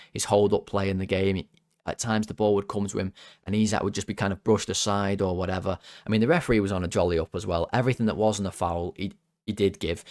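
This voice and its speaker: Man, football fan host, chatty and joking, lowish voice, dry sound. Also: no echo. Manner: chatty, joking, rambles off topic. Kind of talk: casual football player ratings.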